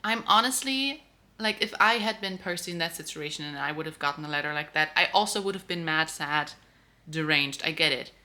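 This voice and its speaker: A woman reacting to a romance novel in a casual book vlog, animated and outspoken, swearing freely. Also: sits low, brisk. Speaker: book vlogger.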